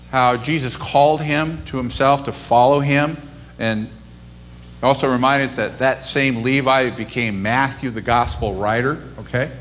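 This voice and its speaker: A man's voice: medium pitch, fairly bright tone, a little hiss or hum. A man preaching a sermon and retelling scripture in a casual, storytelling way. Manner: conversational storytelling. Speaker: pastor.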